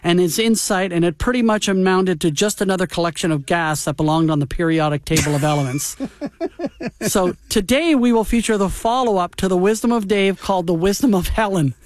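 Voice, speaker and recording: A man's voice: high voice, a little fast, no echo. Male co-host, chatty, wry, dry close mic. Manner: enthusiastic, playful, wry asides. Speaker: radio show co-host. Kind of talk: casual chat.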